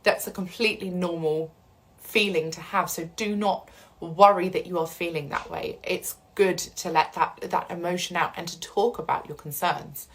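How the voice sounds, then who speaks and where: A woman's voice: on the low side, fairly even intonation, moderate pace, rough recording. A woman talking casually and earnestly about coping with upheaval, reassuring the listener and acting out the feelings people go through. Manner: earnest, reassuring, acts out inner voices. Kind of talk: casual talk to camera about coping with change.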